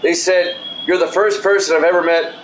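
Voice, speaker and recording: Male play-by-play announcer, no regional accent, soothing and easygoing, chatting with viewers between pitches. Roomy, noisy home recording. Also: brisk. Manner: calm, self-described soothing delivery with asides. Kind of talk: solo play-by-play of a simulated baseball game, chatting with stream viewers. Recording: echoey room with loud background noise.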